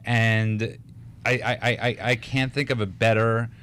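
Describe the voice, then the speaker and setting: A man's voice: mid-range voice, flat delivery, measured pace, a bit bright, slight background noise. A man co-hosting a casual radio talk show, telling stories in a rambling way with many restarts and laughs. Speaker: radio co-host.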